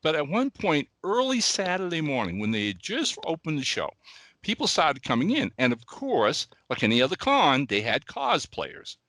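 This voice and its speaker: An older man from the Midwest co-hosting a casual podcast, animated, repeating words and often checking in with "okay?" and "all right?". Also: a little high, moderate pace, no room sound. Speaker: podcast co-host.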